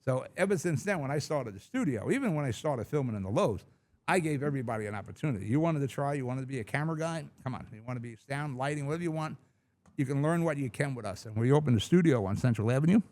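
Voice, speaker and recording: Blunt, rambling middle-aged radio host. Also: male voice, medium pitch, lively intonation, fast, a little mellow. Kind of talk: talk radio monologue. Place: large studio.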